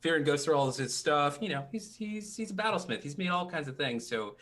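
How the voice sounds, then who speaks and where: A man's voice: a little high, lively intonation, brisk, a bit bright. A man playing a tabletop game, talking in character in a playful way. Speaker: player.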